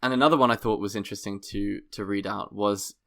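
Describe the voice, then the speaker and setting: Young british guy cohosting a comedy podcast, bright voice, jokey and quick. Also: lowish voice, fairly even intonation. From Britain. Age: young adult. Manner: playful, reads reviews aloud, quick asides. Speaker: podcast co-host. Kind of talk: casual comedic chat.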